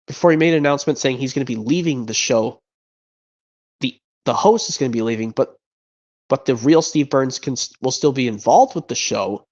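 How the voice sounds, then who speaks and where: A man's voice: mid-range voice, fairly quick, darkish tone. A man streaming, chatting casually and rambling with frequent restarts and repeated words. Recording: dull lo-fi sound.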